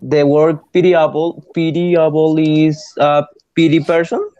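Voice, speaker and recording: Tentative male student, slightly high, muffled. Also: fairly even intonation, unhurried, dark tone, no room sound. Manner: tentative questions. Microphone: video call.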